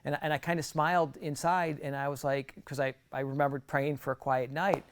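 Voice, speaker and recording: A man's voice: fairly high pitch, level tone, fairly quick. A middle-aged man giving an earnest, conversational personal testimony as a guest speaker, often restarting his sentences.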